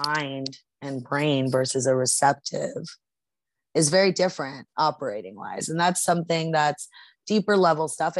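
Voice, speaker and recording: Middle-aged woman, podcast co-host, deep voice, earnest casual storytelling, dry close sound. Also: no room sound. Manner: earnest, with frequent restarts and filler.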